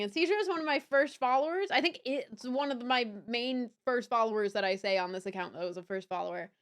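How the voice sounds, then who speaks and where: Chatty young woman streamer, smooth voice. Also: high-pitched, a bit bright. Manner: chatty, rambling, swears and laughs often. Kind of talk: casual livestream chat.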